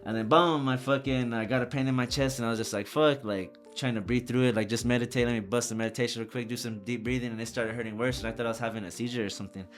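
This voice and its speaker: Profane, animated young male storyteller. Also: mid-range voice, fast, few pauses, faint music behind. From Socorro. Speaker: rapper guest. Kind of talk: casual storytelling.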